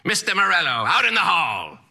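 Eccentric old Latin teacher, blunt and theatrical, raised pitch, sharp tone, put on by a male storyteller. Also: expressive, moderate pace. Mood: stern.

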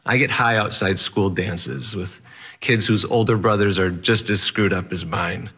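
A man's voice: on the low side, steady tone, a little slow, bright, forceful tone, slightly rough. A man telling a personal story on stage in vivid present tense, with a wry touch.

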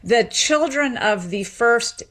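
A woman's voice: fairly high pitch, slow pace. Middle-aged woman from Memphis explaining. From Memphis, Tennessee. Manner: animated, explanatory, with small restarts and laughs. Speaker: sociolinguist and professor, guest. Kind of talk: radio interview, explaining.

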